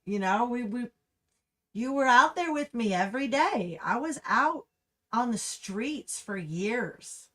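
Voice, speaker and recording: Impassioned ranting woman streamer, higher voice. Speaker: livestream host. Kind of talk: angry livestream commentary. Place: Humboldt County, California.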